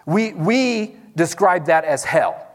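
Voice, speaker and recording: A man's voice: fairly high pitch, animated, takes it slowly. A man preaching a sermon as pastor in a church service, talking in a conversational way and calling out to the congregation.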